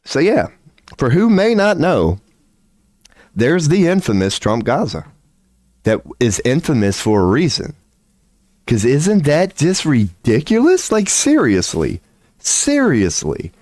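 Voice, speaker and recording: A man's voice: slow pace, long pauses, no room sound, studio quality. A man ranting casually on a livestream, where he also offers tarot readings, profane and rambling, swinging his voice up and down as he gets worked up. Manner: excitable, profane, rambling with big swings in pitch.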